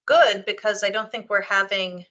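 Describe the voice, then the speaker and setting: Bright-voiced woman explaining at a meeting. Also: medium pitch, normal speed, muffled recording. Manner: explanatory, conversational, with frequent ums and restarts. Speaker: meeting chair, library official. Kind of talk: public board meeting discussion.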